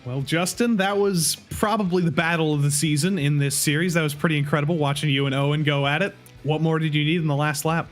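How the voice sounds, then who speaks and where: A man's voice: on the high side, fairly even intonation, fast talker, few pauses, soft background music. A man giving enthusiastic color commentary on a sim race replay.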